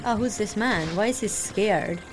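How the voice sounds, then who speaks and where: A woman playing a video game, reacting excitably and cheering on the character. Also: mid-range voice, normal speed, background noise. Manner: excitable, exclaiming, talks to the character. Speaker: gamer streamer. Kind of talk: live gameplay reactions. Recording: voice over loud game music.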